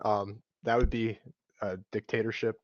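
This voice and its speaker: A young candidate gives a brief, halting answer full of pauses and fillers. The sound is dry but dull and lo-fi, like compressed voice chat. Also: male voice, lowish voice, flat delivery, no echo. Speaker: mayoral candidate. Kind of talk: casual debate answer.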